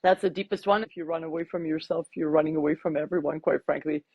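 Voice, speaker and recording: Bubbly breathy woman guest. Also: low-pitched, quick pace, dull audio. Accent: foreign accent. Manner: bubbly, laughs often, animated. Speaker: podcast guest. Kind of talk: casual interview chat.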